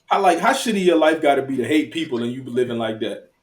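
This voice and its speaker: A man's voice: mid-range voice, animated, fast. A man co-hosting a casual podcast chat, joking expressively. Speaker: podcast co-host.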